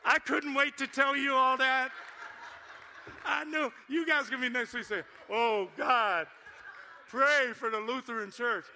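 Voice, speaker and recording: A man preaching a sermon in a church, an animated storyteller who jokes with the congregation. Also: very high voice, a little slow, slight background noise. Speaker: pastor. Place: church sanctuary.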